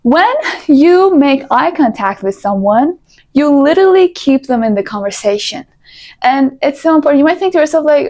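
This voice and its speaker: Young female vlogger, high pitch, lively advice-giving talk with playful asides. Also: moderate pace. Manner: animated, coaching, playful asides. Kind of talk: casual advice talk to camera.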